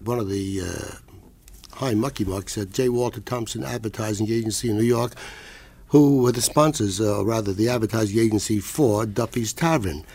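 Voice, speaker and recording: An older man who was once a radio actor, with a gravelly voice, telling rambling stories in a casual interview. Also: on the low side, moderate pace, darkish tone. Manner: rambling storyteller, acts out voices in quotes. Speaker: guest, former radio actor. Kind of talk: casual anecdotal chat.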